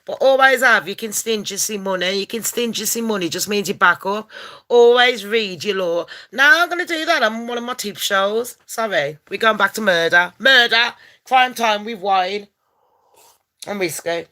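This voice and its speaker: A woman hosts a casual gossip vlog, talking in a brash, profane, rowdy way that bursts into loud rants. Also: mid-range voice, moderate pace. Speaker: channel host.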